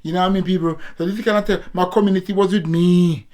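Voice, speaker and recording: A man's voice: sits high, fairly even intonation, quick pace, darkish tone. Jamaican man around sixty preaching to viewers. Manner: preachy, repetitive, keeps addressing viewers as people. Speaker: former amateur boxer vlogger. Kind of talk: casual vlog monologue.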